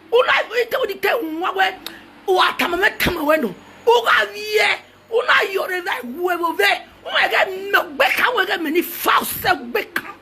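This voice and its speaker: A Nigerian woman shouts a mocking, heated rant, hopping between languages. Her voice sits very high, with a sharp, gravelly edge. She taunts as she goes. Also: a little hiss or hum. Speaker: social media personality.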